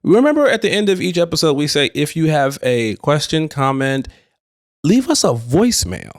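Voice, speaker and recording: Joking guy reading listener mail, gravelly and bouncy, dead dry mic. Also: on the high side, moderate pace, no room sound. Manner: joking, animated, laughing often. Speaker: podcast co-host. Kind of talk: casual chat, reading listener letters.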